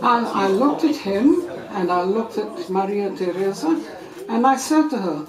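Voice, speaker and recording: A woman from Brazil with a somewhat English accent tells a true story to a live audience, wry and animated, amused by her own tale. Her voice rings through an echoey room with the crowd clearly heard. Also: medium pitch, measured pace.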